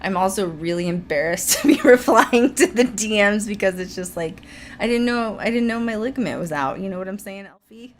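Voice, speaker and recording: A woman's voice: medium pitch, lively intonation, a little fast, a little hiss or hum. A young adult woman hosting a paranormal podcast, chatting casually with many fillers and frequent laughter. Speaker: podcast host. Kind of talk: casual chat.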